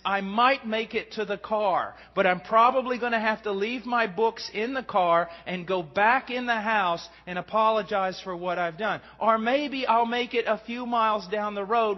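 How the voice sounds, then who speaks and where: A middle-aged man preaching a sermon, earnest, swinging from hushed tones to shouting. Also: high-pitched. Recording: dull recording in a long-reverb hall.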